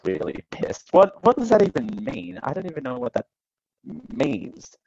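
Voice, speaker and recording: A male radio host talks through political news in a loose, sarcastic way, with a gravelly edge to his voice. The sound is dry and a little dull, like a lo-fi broadcast feed. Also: high-pitched, huge pitch swings, normal speed, mellow, dry recording. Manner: wry, sarcastic asides with chuckles. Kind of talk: casual political commentary.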